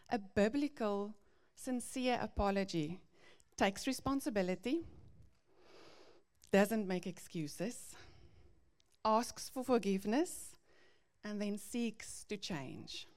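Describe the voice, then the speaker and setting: A woman giving a devotional teaching to parents, earnest and gently confessional as she reads out Bible verses. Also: a little high, animated, slow, pauses often.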